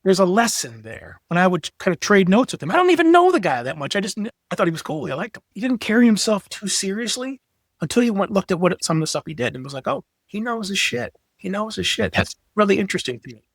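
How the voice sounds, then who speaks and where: A middle-aged man telling stories in casual chat, his voice pitched high and full of swearing and acted-out quotes. The recording is close and dry, with no room sound around him. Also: fast talker, dry recording. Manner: animated storyteller, profane, acts out quotes. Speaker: podcast guest, graphic designer.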